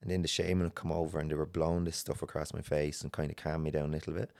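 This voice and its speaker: An Irish man telling a personal story as a podcast guest, earnest and halting, with many restarts. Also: extremely low pitch, level tone, darkish tone. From Ireland.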